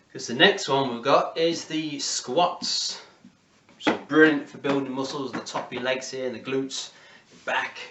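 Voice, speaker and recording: A man's voice: medium pitch, fairly bright tone, roomy sound, distant mic, slight background noise. A man with an English accent leading a home workout class, encouraging and counting down reps. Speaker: fitness instructor.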